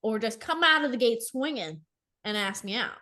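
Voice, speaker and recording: A woman with a voice on the high side, speaking at a moderate pace, co-hosts a podcast where she tells dating anecdotes casually. Expect lots of laughter, fillers, and animated storytelling.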